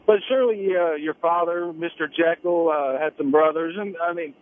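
A man's voice: on the high side, moderate pace, narrow, tinny audio. A man with a Southern US accent calling in to a radio show, politely asking the guest questions. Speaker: caller. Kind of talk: call-in radio talk.

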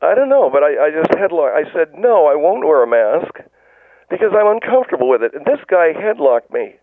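A man's voice: fairly high pitch, sing-song, a little fast, no room sound. A man playing an indignant middle-aged caller who refuses masks, rambling and stammering through a tinny phone line. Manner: rambling, stammering restarts, whiny disbelief.

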